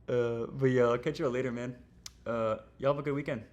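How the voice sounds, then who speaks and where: A man's voice: medium pitch, steady tone, brisk, darkish tone, muffled recording. A young man teaching trading on a livestream, casual and rambling, full of slang and fillers. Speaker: trading streamer.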